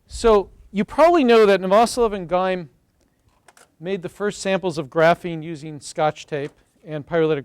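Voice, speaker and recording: Enthusiastic high-voiced male science lecturer. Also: clear, resonant tone, dry recording. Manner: enthusiastic, storytelling, addresses the audience directly. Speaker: chemistry professor giving a seminar. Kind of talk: university lecture. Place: lecture room.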